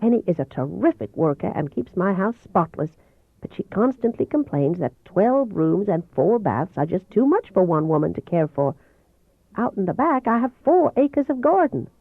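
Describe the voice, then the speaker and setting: A woman reading as a kind male doctor with a soft, melodious voice, a slight Southern accent and a calm, coaxing manner. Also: mid-range voice, dry recording. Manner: calm, coaxing, gently teasing. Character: kind older male doctor, gentle and persuasive. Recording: dull, dry home recording.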